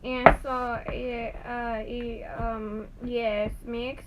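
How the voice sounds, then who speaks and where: Woman, high pitch, playful vlog chatter, noisy phone recording. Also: level tone, drawn-out words. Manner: silly, playful, with many fillers. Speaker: vlog co-host. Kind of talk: goofy slime-making vlog.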